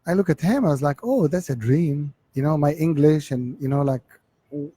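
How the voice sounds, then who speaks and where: A man in his forties from Egypt with an Egyptian accent, telling his life story as an interview guest, halting and repeating words as he looks for the English. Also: fairly high pitch, mellow.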